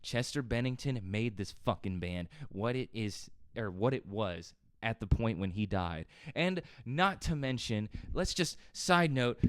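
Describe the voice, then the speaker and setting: A man's voice: mid-range voice, animated, normal speed, few pauses, smooth, no room sound, studio quality. A man hosting a reaction video, ranting in heated, profane commentary that rambles from point to point.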